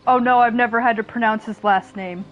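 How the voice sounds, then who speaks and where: A woman's voice: fairly high pitch, fairly even intonation, a little fast. A woman streamer joking and laughing as she plays a game and voices its dialogue. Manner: joking and playful, keeps laughing. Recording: dull lo-fi audio with faint music.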